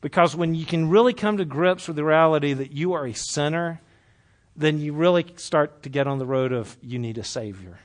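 A man leading a Bible study, preaching conversationally to a live group, joking and asking questions, then dropping soft and low for earnest points. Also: normal speed. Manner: lively, jokes with and questions the group.

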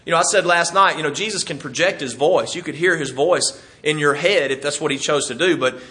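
Man preaching, bright and slightly high voice, homey and chatty. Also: fairly quick. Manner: folksy and conversational, chuckles while teaching. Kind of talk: sermon.

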